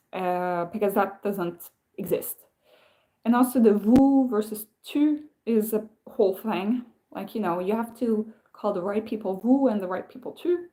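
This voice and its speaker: Slow, mellow Swedish woman musing on stream. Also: mid-range voice. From Sweden. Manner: rambling, musing, frequent "like" and "um". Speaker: livestream host. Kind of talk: casual livestream chat.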